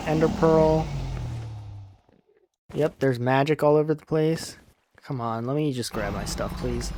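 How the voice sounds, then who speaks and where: Young male host, mid-pitch, chatty game commentary with book recap, faint background noise. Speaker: let's play host.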